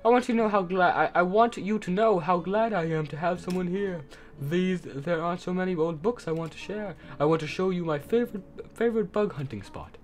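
A man voicing a gentle, motherly female goat monster, reading her game lines softly in a put-on accent. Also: high voice, brisk, pitched above the performer's own voice, lightly acted. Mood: warm. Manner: soft, kindly, doting, speaks in an accent. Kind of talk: reading game dialogue aloud.

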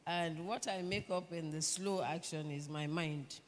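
A middle-aged woman with a Nigerian accent, gently telling her own story as a church panelist. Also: low-pitched, a little slow, slight background noise. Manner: gentle, reflective storytelling with laughter. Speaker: pastor's wife, panelist. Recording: reverberant church hall, faint ambience.

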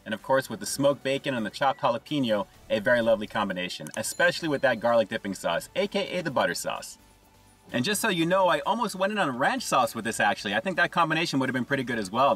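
A man's voice: mid-range voice, a bit bright, breathy edge, distant mic. A man giving an enthusiastic casual food review, chatting to viewers and calling them "guys" as he tastes. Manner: enthusiastic, repeats "guys" and "action".

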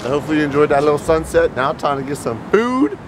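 A young man talks in a loose, slangy way for his travel vlog, relaxed and easygoing. He is recorded outdoors, with faint music in the background. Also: fairly high pitch, rapid-fire. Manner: slangy, laid-back. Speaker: vlogger. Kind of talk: casual travel vlog chat. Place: outdoors at a beach town.

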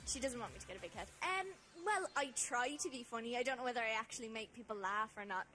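A woman's voice: fairly high pitch, animated, quick pace, pushed and bright, rough recording. Young woman, light and chatty. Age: young adult. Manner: chatty, giggly, hesitant fillers. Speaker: actress guest. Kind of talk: casual interview chat. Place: TV studio. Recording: music playing in the background.

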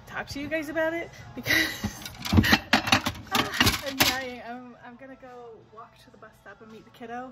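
A woman's voice: on the high side, low-quality recording. A woman vlogging in a casual, rambling chat, often giggling.

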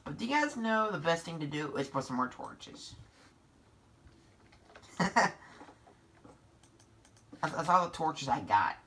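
Woman gaming host, low-ish voice that swings widely, jumpy and sarcastic while she plays. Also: slow pace, long pauses, slight background noise. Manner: excitable and sarcastic, talks to viewers. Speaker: gameplay video host. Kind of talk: live gameplay commentary.

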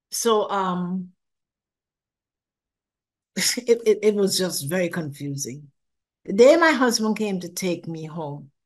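An older woman telling her story as an interview guest, acting out her own past thoughts and laughing now and then. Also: mid-range voice. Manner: expressive, acts out her own past thoughts, laughs often, repeats words. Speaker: interview guest recounting a near-death experience. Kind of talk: animated personal storytelling.

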